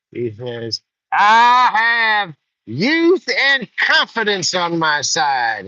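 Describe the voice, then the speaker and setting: A man's voice: fairly high pitch, pushed and bright, dry recording. A man hosting a rambling walk-and-talk livestream outdoors by rice fields, chatty and digressive, on a dull lo-fi recording. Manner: digressive, chatty, folksy asides. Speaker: host.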